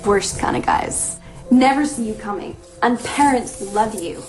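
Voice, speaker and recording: A woman's voice: on the high side, expressive, unhurried, poor audio. An actress playing a teasing young woman with an American accent, in a film scene. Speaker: film character. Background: loud film music.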